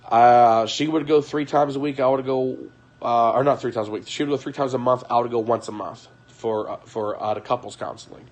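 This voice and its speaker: A man's voice: mid-range voice, fairly even intonation, brisk. A young man telling a personal story on a livestream in a rambling way, acting out what others said. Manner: rambling, frequent fillers, acts out quoted voices. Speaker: streamer.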